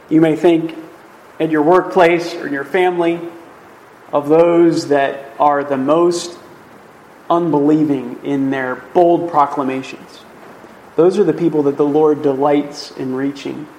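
A man's voice: fairly high pitch, a little mellow, slight background noise, poor audio. A man teaching through a Bible passage in a video, emphatic and conversational, often checking in with "right?".

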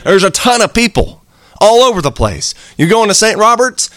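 A man delivers an earnest, conversational sermon, his voice a touch higher than most and full of swings in pitch. The sound is dry and close, with little room around it. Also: very animated, normal speed, a bit bright, no room sound. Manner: earnest, conversational preaching with acted-out quotes. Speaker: preacher.

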